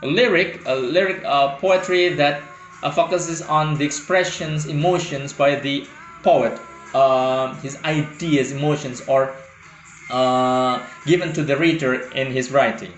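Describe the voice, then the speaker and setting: A man's voice: medium pitch, fairly even intonation, measured pace. A man teaching a poetry lesson, hesitant with many fillers, who reads verse aloud with a rhythmic lilt. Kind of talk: lecture explaining poetry. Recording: roomy with faint music.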